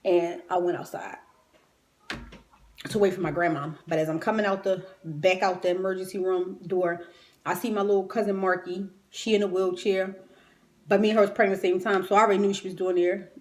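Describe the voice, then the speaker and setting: A woman's voice: medium pitch, level tone, fairly quick, darkish tone. A woman retelling a personal story in a raw, emotional, conversational way, grieving and near tears. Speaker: vlogger.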